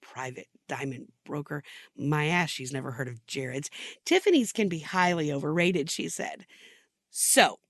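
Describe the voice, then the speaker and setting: A woman's voice: fairly low pitch, a bit bright, dry recording, studio quality. A woman in her sixties playing an exasperated mother of the bride, telling the story in a sardonic, put-upon way. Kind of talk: comic dramatic monologue.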